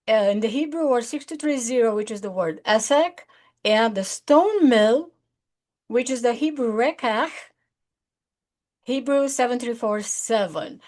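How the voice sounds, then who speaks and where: A woman's voice: a little high, darkish tone. A woman hosting an online prophecy channel, preaching an urgent sermon with earnest appeals and repeated phrases.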